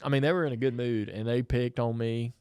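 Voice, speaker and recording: This is a middle-aged man with a drawl, telling a story on a podcast in a relaxed, chatty way. He acts out what other people said as he talks. The mic is close and the sound is dry. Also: mid-range voice, brisk, clear, resonant tone, no echo. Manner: animated storyteller, acts out quotes. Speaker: podcast co-host. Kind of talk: casual storytelling chat.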